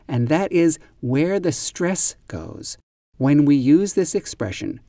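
A man hosting an English-learning podcast, explaining a phrase slowly and carefully, spelling out words and stressing them deliberately. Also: mid-range voice, mellow, dry recording, clean studio sound. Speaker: podcast host and English teacher. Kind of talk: slow, careful teaching explanation.

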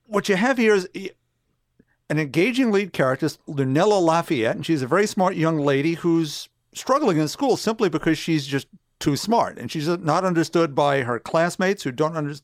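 A man co-hosting a podcast, recapping a comic in steady, detailed casual chat. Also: fairly high pitch, no room sound, clean studio sound. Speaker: podcast co-host.

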